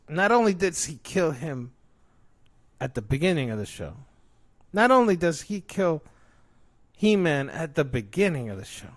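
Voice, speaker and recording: A man co-hosting a casual show, ranting excitedly and swearing a lot. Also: on the high side, measured pace, pauses often. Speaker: podcast co-host. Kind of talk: casual chat.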